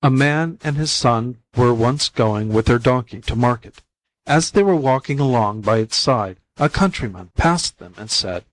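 A man reading fables aloud as a volunteer audiobook narrator, in plain, even storytelling. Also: medium pitch, normal speed, no echo, rough recording.

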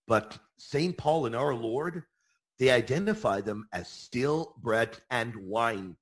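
A man hosting a Catholic radio program, answering listener questions with emphatic, energetic teaching and mock objector voices. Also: mid-range voice, slow pace. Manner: emphatic, animated, repeats key phrases with bursts of enthusiasm.

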